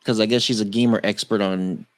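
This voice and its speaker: A man's voice: fairly low pitch, fairly even intonation, brisk, no room sound. A man co-hosting a tech-news podcast, chatting casually, joking and cursing freely. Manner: loose, joking, laughs often, swears. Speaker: podcast co-host.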